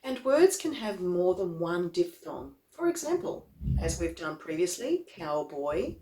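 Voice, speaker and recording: Woman vocal coach, slow and deliberate delivery, lower pitch, roomy echo. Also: a little mellow. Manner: slow, deliberate, demonstrates example words one by one. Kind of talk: instructional explanation.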